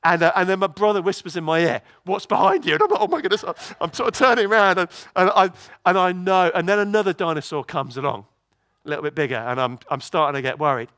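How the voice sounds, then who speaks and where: High-voiced man preaching a lively sermon. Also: quick pace, clean tone, dry recording. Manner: lively, storytelling, many restarts and repeated words. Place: church.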